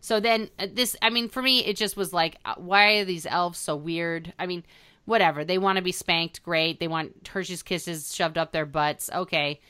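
A woman's voice: fairly low pitch, fairly even intonation, moderate pace, pushed and bright, smooth. A woman co-hosting a casual chat about a comedy show, frank and chatty with lots of fillers. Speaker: podcast co-host.

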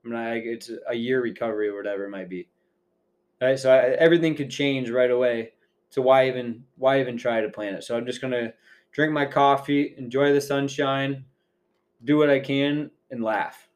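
A man's voice: medium pitch, normal speed. A man co-hosting a podcast, chatting casually and rambling through a story with many fillers. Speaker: podcast co-host.

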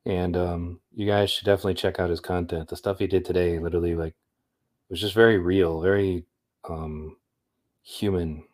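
A man's voice: deep voice, steady tone, normal speed, darkish tone. A man hosting a livestream in a rambling, upbeat, chatty way. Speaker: livestream host. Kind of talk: casual livestream chat.

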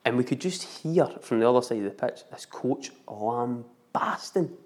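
A middle-aged man with a Scottish accent telling a story in casual chat, animated and laughing often. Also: mid-range voice, moderate pace.

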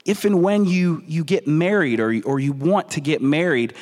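Southern guy preaching casual-like, voice a bit high, lots of echo from a big hall. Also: normal speed, darkish tone. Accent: Southern American. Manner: conversational, repeats words as he restarts. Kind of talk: sermon. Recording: long reverb of a large hall.

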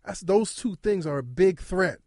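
A man's voice: sits high, animated, moderate pace, darkish tone, dry recording, clean studio sound. A man hosting a podcast in casual chat, joking, laughing often and swearing freely. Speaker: podcast host.

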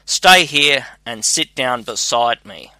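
Brief: a fretful, scolding father, read by a man, slow and bright-toned. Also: medium pitch, expressive, no echo, full character voice. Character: cautious older working father.

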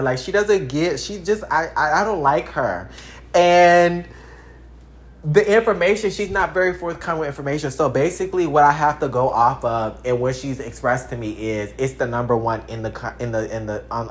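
Speaking casually to the camera, this Texan vlogger of about thirty is animated and foul-mouthed, his pitch and volume swinging widely.

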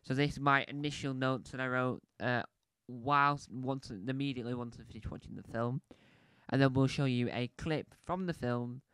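A man talks through a film review in a loose, rambling way, full of restarts and side tracks. His voice is smooth and resonant at a middle pitch. The sound is close and dry. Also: fairly even intonation, normal speed, fairly bright tone, no room sound. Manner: rambling, chatty, with many restarts and asides.

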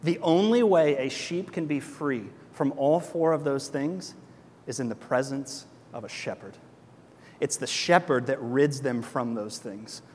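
A young adult man preaching a sermon as pastor, energetic and conversational, full of rhetorical questions. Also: medium pitch, a little slow, long reverb tail, a little hiss or hum.

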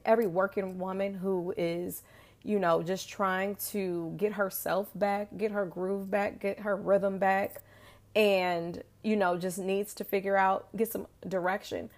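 A woman's voice: mid-range voice, steady tone, a little slow. A woman hosting a motivational podcast, talking in an enthusiastic, emphatic way that repeats her points. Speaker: podcast host. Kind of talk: motivational monologue.

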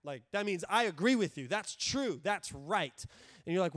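A man's voice: high-pitched, brisk. A man in his thirties preaching a humorous sermon, acting out exasperated quotes with lots of energy. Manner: animated, acts out exasperated quotes. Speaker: pastor.

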